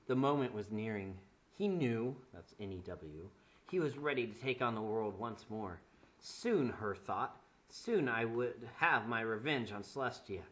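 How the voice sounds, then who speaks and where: With a lowish, fairly bright voice, this young man reads a bad fanfic slightly slowly and expressively, hamming up the drama. Sarcastic comments on the prose, wry asides and bursts of laughter keep interrupting.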